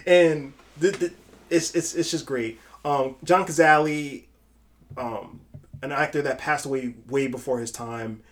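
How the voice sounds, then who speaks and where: Animated, profane young man on a podcast. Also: on the high side, unhurried. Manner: animated, profane, acts out film quotes. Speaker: podcast co-host. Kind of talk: casual podcast chat.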